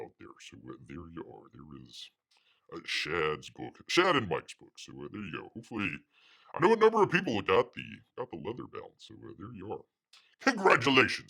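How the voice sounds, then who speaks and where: A man's voice: mid-range voice, vocal fry, fairly bright tone. A man hosting a casual livestream, rambling with many fillers and calling himself by his nickname. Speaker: livestream host.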